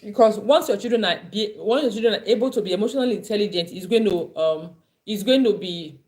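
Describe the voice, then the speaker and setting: A woman's voice: mid-range voice, fast, a little mellow. Earnest woman teaching parents. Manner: earnest, pleading, repeats herself. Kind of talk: online class talk.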